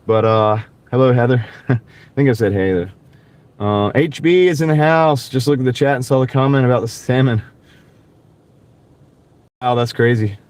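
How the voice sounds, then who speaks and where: A man with a mid-range, darkish voice speaks at a moderate pace with frequent pauses. Driving for deliveries, he chats casually with live-stream viewers, rambling and restarting phrases, picked up by a wireless clip-on mic in his car with faint car noise behind him.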